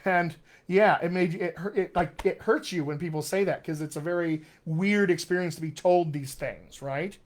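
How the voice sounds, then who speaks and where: A man with a loud, booming voice and a General American accent with West Texas and upstate New York touches, a dialect coach reading viewer comments and answering them on a live stream. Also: moderate pace. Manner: articulate, reads viewer comments aloud and answers warmly. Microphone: webcam or computer mic on a live stream.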